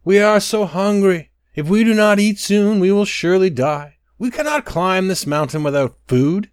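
A man's voice: very animated, normal speed, no room sound, studio quality, close to an everyday voice. A man voicing a crowd of starving wanderers crying out in a storybook reading. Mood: desperate. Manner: pleading, cried out high and loud. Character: hungry wandering people, a desperate crowd.

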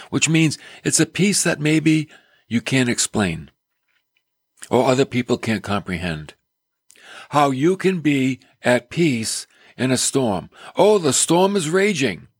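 Slow, husky-voiced male preacher. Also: medium pitch, no room sound. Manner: emphatic, storytelling with acted quotes. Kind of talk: sermon.

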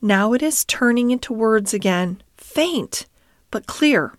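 Dreamy poetic male water rat, murmuring and hushed, lifted pitch, as a woman reads him; dry close sound. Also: expressive, slow pace, no echo. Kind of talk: storybook character voice.

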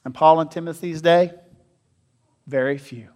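A man preaching a sermon as pastor, asking his listeners questions and swinging between loud and quiet. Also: a little high, steady tone, measured pace. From North America. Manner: asks the congregation questions, varies loudness widely.

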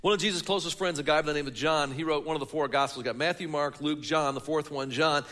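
A man's voice: a little high, steady tone, fast, a bit bright. A man preaching a sermon in a church hall, telling a story and building it with rhetorical questions. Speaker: pastor.

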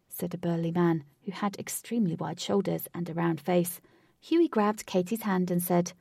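Gravelly woman narrating a story. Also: lowish voice, fairly even intonation, moderate pace, dark tone, no echo, studio quality, distant mic. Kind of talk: audiobook narration.

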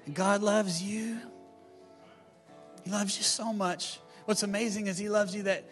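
Middle-aged male pastor, high bright voice, animated sermon with playful asides; long hall reverb, faint music bed.

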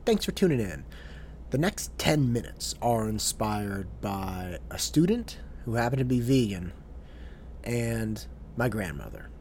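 Animated man telling a story. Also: on the low side, measured pace, a little hiss or hum. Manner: earnest, repeats his words as he talks. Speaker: tutor. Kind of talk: storytelling monologue.

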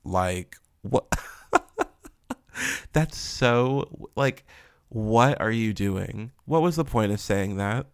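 A man's voice: on the low side, lively intonation, drawn-out words, pauses often, smooth, no echo, clean studio sound. A man ranting in blunt, profane commentary, full of fillers and rhetorical questions. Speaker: commentary vlogger.

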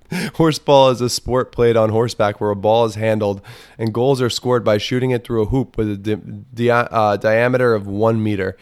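A man's voice: lowish voice, fairly even intonation, normal speed, smooth. A man hosting a podcast as a casual comedic monologue, rambling and profane, with crude jokes. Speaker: podcast host.

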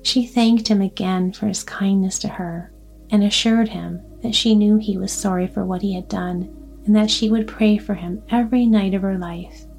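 Soft-spoken woman reading a bedtime story. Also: mid-range voice, vocal fry. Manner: soft, slow and calm. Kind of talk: soothing bedtime story narration. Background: soft background music.

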